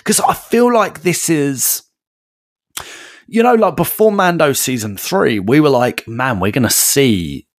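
A man's voice: mid-range voice, expressive, measured pace, dry recording. A man co-hosting a podcast in casual chat, rambling and enthusiastic on a close mic. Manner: rambling, enthusiastic, with frequent restarts. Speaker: podcast co-host.

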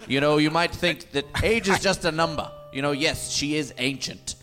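A man's voice: on the high side, moderate pace, over music, natural voice. A man voicing a blustering older police chief giving crude advice to a younger man. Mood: conspiratorial.

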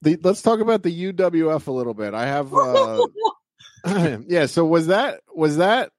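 A man hosting a casual interview podcast, relaxed and full of fillers. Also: fairly high pitch, measured pace, dry recording. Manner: casual, swears, many fillers. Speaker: podcast host.

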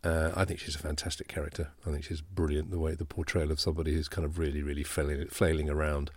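Male co-host, low, affirming, dry close sound. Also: little pitch movement, fast, no room sound. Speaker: podcast co-host. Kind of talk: casual book chat.

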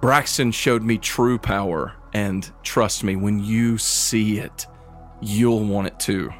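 A man's voice: fairly low pitch, steady tone, takes it slowly. A man voicing a scheming sorceress who mocks her sisters with cold condescension, in a tabletop game with music behind. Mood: mocking. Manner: mocking, condescending.

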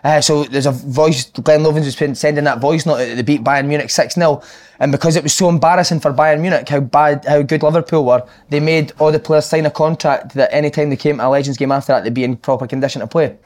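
A man's voice: fairly high pitch, fairly even intonation, darkish tone. A Scottish man in his thirties telling stories on a podcast, swearing and laughing with friends. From Scotland. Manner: swearing, laughing storyteller, quick banter. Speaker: podcast co-host, ex-footballer. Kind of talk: casual chat, storytelling.

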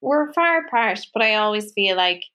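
A woman co-hosting a podcast, chatting casually and telling animated stories, laughing often. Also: mid-range voice, moderate pace. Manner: animated storytelling, laughs often, acts out quotes. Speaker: podcast co-host. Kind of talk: casual chat.

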